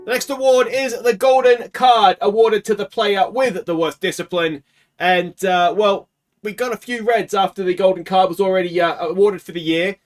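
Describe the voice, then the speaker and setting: Aussie guy with a high voice doing casual game commentary, mutters then yells when it goes wrong. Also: steady tone, normal speed, soft background music. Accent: Australian. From Australia. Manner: emotional, swings from muttering to anguished shouts. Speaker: let's play host.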